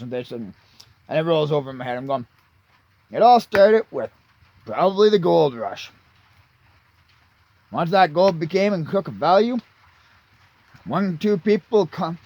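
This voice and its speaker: Man in his late thirties, high voice, dry close sound, angry profane rambling rant. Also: no echo. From Canada. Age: 30s. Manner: crude, angry, swearing constantly. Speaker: vlogger.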